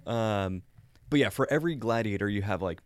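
A man co-hosting a casual podcast, talking about films in an animated, amused way. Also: lowish voice, fairly quick, clean tone, no room sound, clean studio sound. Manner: animated, laughing, amused asides. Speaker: podcast co-host. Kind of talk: casual film chat.

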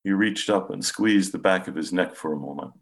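A man, a psychiatrist, calmly narrating a patient case in the first person with measured storytelling. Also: deep voice, vocal fry. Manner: calm, measured storytelling, softens when speaking gently.

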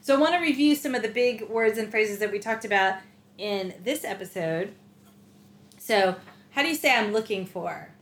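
A woman's voice: medium pitch, expressive, moderate pace. A woman hosting a casual language lesson, asking short prompt questions in a chatty way. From United States. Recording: echoey room with faint noise.

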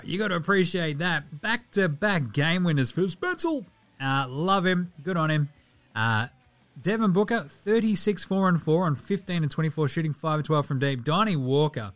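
An Australian man hosting a casual sports podcast, joking, swearing and jumping into bursts of excitement. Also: on the high side, moderate pace. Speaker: podcast host.

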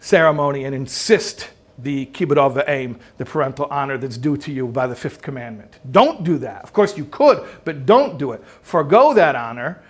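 A man's voice: medium pitch, animated, moderate pace, breathy edge. A man teaching as a rabbi in a conversational style, emphatic, asking rhetorical questions and letting his volume swell and drop.

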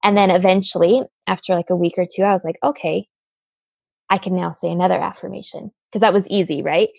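A woman's voice: lowish voice, steady tone, a little fast, gravelly, a little mellow, slightly rough, no echo, lo-fi sound. A woman guest telling a personal story in an interview, earnest, with lots of "like" fillers.

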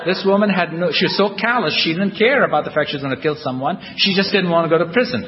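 A man with a somewhat high voice talks fast and rarely pauses as he gives a humorous, self-deprecating recovery talk at a convention. He tells his story wryly to a live audience in a large hall. Background noise comes through, and the dull lo-fi tape carries the hall's echo.

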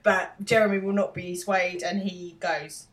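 Wry woman, low for her sex. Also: level tone, unhurried, poor audio. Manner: wry, giggly storyteller. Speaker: podcast co-host. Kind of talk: casual chat recapping a TV episode.

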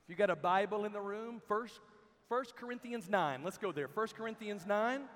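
A man preaching a sermon to a crowd in a large hall, telling stories in an animated way and acting out the people he quotes. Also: sits high, normal speed. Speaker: camp speaker. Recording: long hall reverb.

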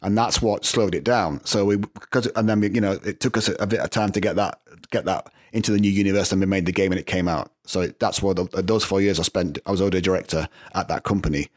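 A middle-aged man with a Northern English accent talks as an interview guest. His voice sits on the low side and he speaks very fast, telling animated stories and breaking into laughs. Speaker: guest composer. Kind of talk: casual interview talk.

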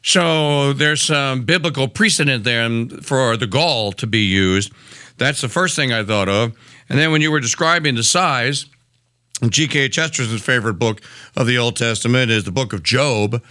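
A man's voice: medium pitch, moderate pace, sharp tone. A man hosting a conversation, talking thoughtfully and searching for details as he speaks. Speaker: host. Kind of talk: casual conversation.

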